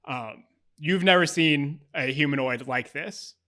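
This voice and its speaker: A man running a tabletop role-playing game, describing scenes in an easygoing, descriptive way. His voice sits a little high and sounds bright and forward. He laughs easily between descriptions. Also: measured pace. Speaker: game master.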